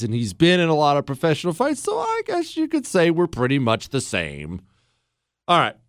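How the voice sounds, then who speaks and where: Male radio host, sarcastic and jokey, bouncing pitch, dry close studio sound. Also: smooth, no room sound. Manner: sarcastic, jokey, swings from loud mock outrage to low earnest tones. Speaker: radio talk show host. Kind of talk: conservative talk radio monologue. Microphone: studio microphone.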